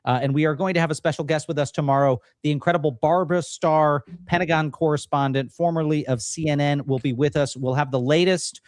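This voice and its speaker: A man hosting a political commentary livestream, talking in an animated, mocking, rallying way. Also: a little high, brisk, few pauses, dry recording, clean studio sound. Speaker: livestream host.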